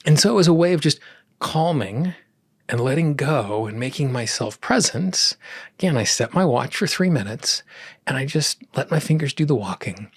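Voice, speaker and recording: Male podcast host, husky and reflective, calm teaching monologue, dry close sound. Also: normal speed, no room sound. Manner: calm, reflective, drops soft and low on key words.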